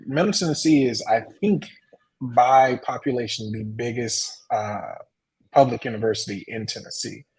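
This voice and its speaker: Husky-voiced young male guest. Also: medium pitch, normal speed, darkish tone, poor audio. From Texas and Arkansas, USA. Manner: laid-back, easygoing, dry humor. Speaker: guest, videographer and photographer. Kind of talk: casual interview chat.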